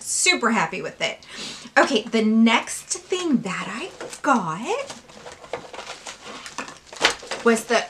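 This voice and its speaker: Gushing, bright-voiced woman beauty vlogger. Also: mid-range voice. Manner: gushing, excitable, drops to whispers. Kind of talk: unboxing and swatching makeup.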